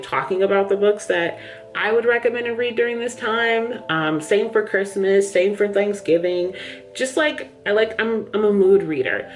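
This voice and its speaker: A woman book vlogger chatting candidly to camera in a small room under studio lights, a little out of breath. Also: medium pitch. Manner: chatty, candid, says "yo" and "y'all". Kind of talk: casual chat to camera.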